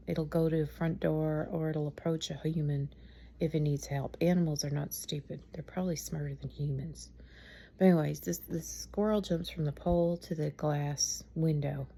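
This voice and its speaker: A middle-aged woman, worn out at bedtime, rambles through a strange story in a chatty way and laughs at herself as she goes. Her voice sits low and gravelly, with a dark, husky tone. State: tired, speaking softly at night. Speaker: mother telling a story. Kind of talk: casual storytelling vlog.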